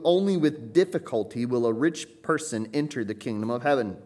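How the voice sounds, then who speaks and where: A man's voice: medium pitch, expressive, brisk, darkish tone. A man preaching a teaching sermon from the United States, earnest and emphatic, often restarting his sentences. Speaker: pastor.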